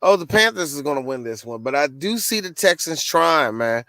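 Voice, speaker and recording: A man's voice: a little high, moderate pace, dry recording. A man co-hosting a casual football podcast, joking and swearing freely while he makes his picks. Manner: animated, profane, jokey. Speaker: podcast co-host. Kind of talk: casual sports chat.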